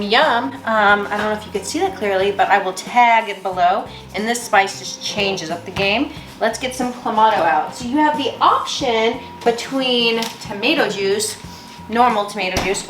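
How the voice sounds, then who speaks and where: A woman's voice: fairly high pitch, fairly bright tone. A woman hosting a casual cooking vlog from her home kitchen, bubbly and joking, swearing casually as she goes. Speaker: host. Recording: echoey kitchen with music.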